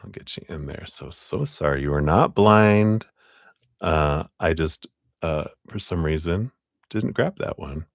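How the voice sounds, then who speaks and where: A man's voice: a bass voice, animated, measured pace, creaky, no room sound, clean studio sound. A man hosting a live tarot reading stream, chatting casually, often apologizing and laughing between readings.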